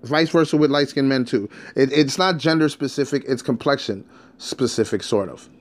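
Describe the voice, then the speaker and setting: A man recounts his life in a loose, unscripted monologue. His talk is streetwise and blunt, full of repeated words and restarts. His voice sits at an ordinary pitch for a man. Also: moderate pace. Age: adult, past his teens. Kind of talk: casual personal storytelling monologue.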